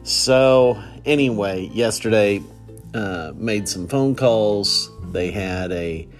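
Male podcast host, middle-aged, low voice, drawn-out rambling delivery. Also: faint music behind. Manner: rambling, relaxed, with many fillers and restarts. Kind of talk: casual solo podcast monologue.

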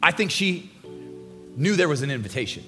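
A male pastor preaching a sermon, animated and emphatic, swinging from hushed lines to loud bursts. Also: a little high, moderate pace. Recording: long hall reverb with faint music.

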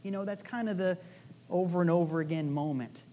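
A woman's voice: lowish voice, brisk, dark tone, a little hiss or hum. A woman preaching a sermon in a casual, playful storytelling way, with chatty asides to the listeners. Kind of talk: conversational sermon.

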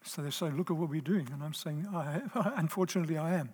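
A man's voice: fairly high pitch, fast talker, darkish tone, slightly rough. A man preaching a sermon to a live audience. He talks emphatically, repeats his key phrases and checks whether the listeners are still with him. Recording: long reverb of a large hall.

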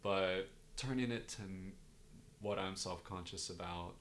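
A young man with a very low voice chats casually on a podcast. He speaks loosely, full of fillers and self-deprecating asides. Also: a little slow, a bit bright, slight background noise. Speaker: podcast co-host. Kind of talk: casual chat.

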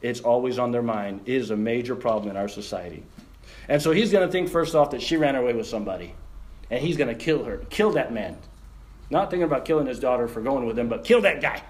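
Male missionary preacher, animated storyteller, echoey hall, distant mic. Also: medium pitch, fast talker. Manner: animated storyteller, acts out voices and laughs. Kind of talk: sermon illustration with audience participation. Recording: echoey room, speaker away from mic.

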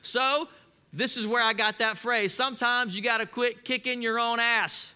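A man's voice: very high voice, steady tone, moderate pace, sharp tone, clear, resonant tone. A male pastor preaching a sermon, telling stories with folksy humor and leading the congregation in call-and-response.

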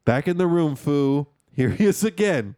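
A man hosting a podcast, casually recapping a movie in slangy, excitable storytelling full of swearing. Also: fairly high pitch, normal speed, smooth, dry recording, studio quality. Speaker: podcast host.

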